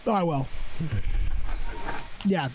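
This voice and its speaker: A man's voice: a little high, slow pace, darkish tone, a little hiss or hum, poor audio. A man co-hosting a casual podcast, playful, with frequent stammering restarts. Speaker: podcast co-host.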